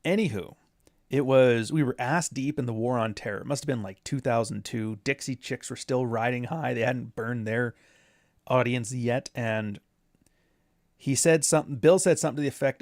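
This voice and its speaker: A man's voice: medium pitch, moderate pace, darkish tone, dry recording, studio quality. A man doing casual commentary, rambling through sarcastic asides. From Canada. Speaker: commentary host.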